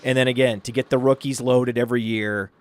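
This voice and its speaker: A man co-hosting a podcast, telling stories in an animated, ranting way. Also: medium pitch, a little fast, clear, resonant tone, no echo. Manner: animated storyteller, rants excitedly. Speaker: podcast co-host. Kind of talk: casual podcast chat.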